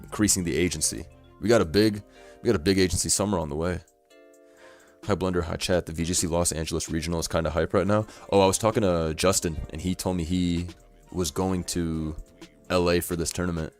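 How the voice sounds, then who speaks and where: A man's voice: sits low, fairly even intonation, fairly quick, soft background music. A young man streaming casually, talking in loose slang and laughing often. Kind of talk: casual live-stream chat.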